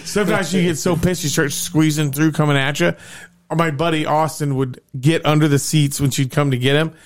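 A man in his thirties hosting a podcast, chatting casually in an excitable, crude way and saying "dude" a lot. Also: on the high side, brisk. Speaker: podcast host. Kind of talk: casual chat.

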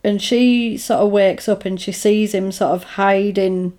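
Mellow and unhurried, this medium-pitched woman speaks in a steady tone while co-hosting a podcast. She casually retells a film scene by scene, using lots of "like" and "basically" and acting out what the characters say.

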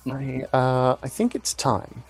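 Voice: medium pitch, expressive, slow pace, vocal fry, darkish tone, soft background music. A game master narrating a tabletop role-playing game over voice chat, hesitant and full of fillers.

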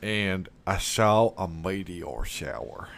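A man's voice: low voice, animated, slow, gravelly, fairly bright tone. A man co-hosting an improvised comedy bit, easygoing and playful. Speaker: comedy co-host.

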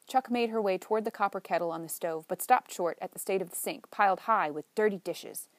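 A woman narrating a novel in a measured, lightly wry storytelling manner. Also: medium pitch, no echo. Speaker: audiobook narrator. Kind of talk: scripted narration.

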